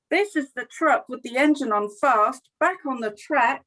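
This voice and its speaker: A middle-aged woman leading a children's storytime over a video call, reading a picture book aloud in an animated, expressive, friendly way. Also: sits high, moderate pace, few pauses, poor audio. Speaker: storytime session leader.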